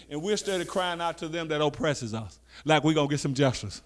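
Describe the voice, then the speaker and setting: A man preaching a sermon. He reads scripture slowly and loudly, then talks back to the listeners, dropping to quiet asides in between. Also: on the high side, expressive.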